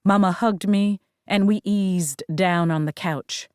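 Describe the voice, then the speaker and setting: A woman reading a novel aloud as a first-person audiobook narrator, in a measured storytelling manner. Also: medium pitch, clear, resonant tone, no echo, studio quality.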